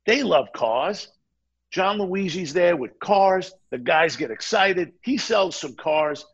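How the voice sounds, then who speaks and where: A man telling a long anecdote in a casual chat, animated and often quoting the people in his story. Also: high-pitched, takes it slowly, creaky, slightly rough, muffled recording. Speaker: guest.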